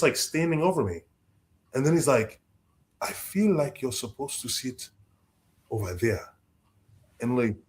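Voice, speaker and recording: A young adult man, a guest author telling stories in a lively way, acting out the people he quotes. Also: mid-range voice. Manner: expressive, acts out quoted voices, repeats words. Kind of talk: animated storytelling in conversation.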